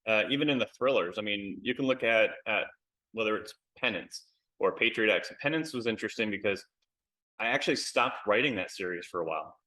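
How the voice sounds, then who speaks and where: American guy, lowish bright voice, chatty and candid, lots of ums, video call interview. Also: expressive, brisk, low-quality recording. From United States. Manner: candid, lots of fillers and repeated words. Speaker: author, interview guest. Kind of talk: casual interview chat.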